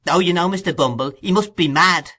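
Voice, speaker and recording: A man reading aloud, voicing a shrill, self-pitying middle-aged woman who scolds indignantly. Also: a little fast, pushed and bright.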